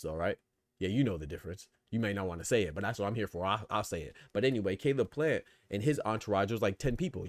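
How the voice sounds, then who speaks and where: Fast-talking man with a low voice. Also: dry recording. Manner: animated, rhetorical questions, reads chat comments. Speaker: boxing podcast host. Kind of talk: casual live-stream commentary.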